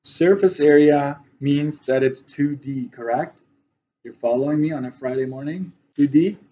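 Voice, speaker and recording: A man's voice: a little high, moderate pace, dark tone, muffled recording. A male math teacher giving a classroom lesson, often checking that his students follow.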